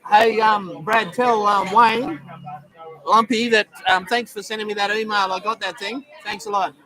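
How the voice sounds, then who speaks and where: A middle-aged Australian man with a fairly high voice talks casually on a live stream, full of ums and quick greetings to viewers. A crowd of bar patrons chatters clearly around him. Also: fairly even intonation. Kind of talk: casual live-stream chat reading comments. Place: busy bar in Thailand. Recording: noisy bar crowd behind.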